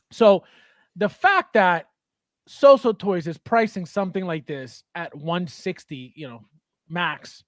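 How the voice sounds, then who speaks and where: Guy hosting a collectibles podcast, high voice, dry close sound, lots of uhs and laughs. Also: dry recording. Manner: chatty, laughs often, thinks aloud with fillers. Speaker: podcast host. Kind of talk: casual chat about collectible figures.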